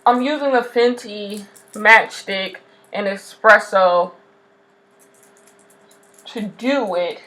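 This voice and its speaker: A woman's voice: mid-range voice, slow, pauses often, low-quality recording. A woman hosting a casual podcast, giving an emphatic pep talk while doing her makeup, repeating points for effect. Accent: loud regional accent. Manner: animated, preachy, emphatic repetition. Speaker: podcast host.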